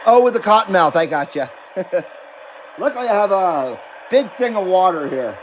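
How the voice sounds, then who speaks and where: Middle-aged male stream host, high voice, relaxed rambling chat, light background hum. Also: normal speed, poor audio. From Nevada, US. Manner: laid-back, rambling, swears and laughs often. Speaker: CB radio livestream host. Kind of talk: casual live-stream chat.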